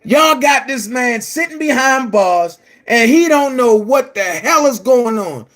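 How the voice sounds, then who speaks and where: Slow, heated high-voiced man. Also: expressive, a bit bright. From Baltimore. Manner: confrontational, repetitive, calls listeners brother. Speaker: online commentator. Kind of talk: heated monologue to camera.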